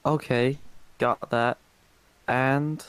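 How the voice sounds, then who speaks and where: A reader voicing a sceptical young male companion in an amateur script reading, with blunt, questioning shouts. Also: mid-range voice, steady tone, drawn-out words, clear, resonant tone.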